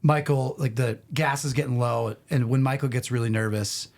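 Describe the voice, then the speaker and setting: A middle-aged man, a podcast guest, telling casual stories in an animated, rambling way full of restarts. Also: mid-range voice, moderate pace. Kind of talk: casual storytelling.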